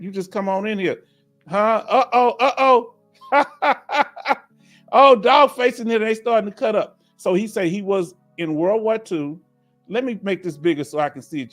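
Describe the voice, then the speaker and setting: A high-voiced man from Houston, Texas, with a Southern accent, hosts a casual live Q&A stream for veterans. He reads viewer comments out loud.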